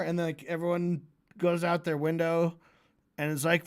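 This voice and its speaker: A fairly high-voiced man rambles through a casual livestream rant, sarcastic and sweary. He restarts his sentences, laughs at his own jokes and now and then bursts into loud mock voices. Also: steady tone, moderate pace, smooth. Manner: profane, sarcastic, rambling, mimics voices with shouts. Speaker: streamer.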